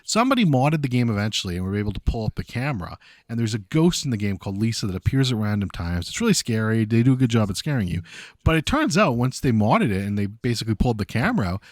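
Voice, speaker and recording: A man chatting on a podcast, his pitch swinging a lot as he tells a story and curses for emphasis. His voice sounds close and dry, with almost no room behind it. He talks in a loose, casual way. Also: fast talker, no room sound. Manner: profane, animated storytelling. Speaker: podcast co-host. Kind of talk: casual chat.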